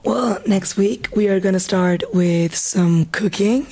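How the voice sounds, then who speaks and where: A woman's voice: medium pitch, slow pace, over a noisy crowd. A woman with a strained, failing voice that keeps dropping to a whisper, talking as a guest on a radio show about teaching young children. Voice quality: husky. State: losing her voice, strained and whispery. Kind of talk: casual radio chat.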